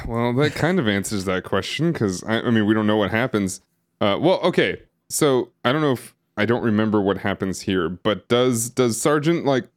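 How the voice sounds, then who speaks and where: Low-voiced man, lively rambling chat. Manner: rambling, hesitant, many fillers and restarts. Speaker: podcast co-host. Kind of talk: casual chat. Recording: live stream podcast recording.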